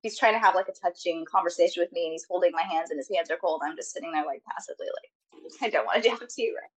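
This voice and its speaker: A woman's voice: fairly low pitch, racing, slightly rough, poor audio. A young woman guest on a podcast, talking casually in a rambling, hesitant way with many fillers. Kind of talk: casual chat.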